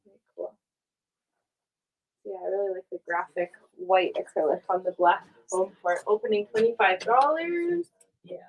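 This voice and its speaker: A woman hosting a live art auction, presenting each piece and its opening bid in a brisk, casual way. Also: medium pitch, low-quality recording. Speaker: auction host.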